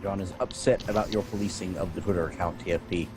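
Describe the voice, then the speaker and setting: A man's voice: sits low, steady tone, fast talker, over music. A man co-hosting a casual gaming podcast, rambling through wry descriptions and tangents. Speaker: podcast co-host.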